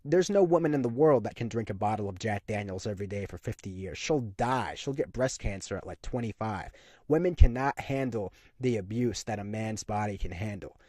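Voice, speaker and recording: A man's voice: fairly low pitch, expressive, fairly quick, mellow, no echo. Ranting man with a dry, close sound. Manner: emphatic, repetitive ranting with frequent fillers. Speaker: commentary channel host. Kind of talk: opinionated monologue to camera.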